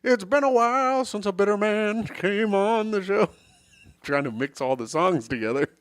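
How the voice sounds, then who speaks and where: A man's voice: sits high, expressive, moderate pace, clean tone, no echo. A man co-hosting a comedy podcast, telling a rambling, joking story in casual chat. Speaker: podcast co-host.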